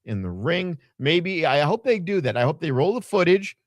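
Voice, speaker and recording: A man's voice: a little high, big pitch swings, moderate pace, no echo, clean studio sound. Blunt, profane man recapping wrestling. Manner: blunt, profane, opinionated storytelling. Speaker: podcast co-host.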